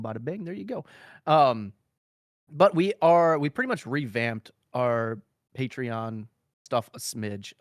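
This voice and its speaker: A man's voice: medium pitch, no room sound, studio quality. A man co-hosting a podcast in casual chat, joking and laughing often as he rambles through announcements. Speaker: podcast co-host.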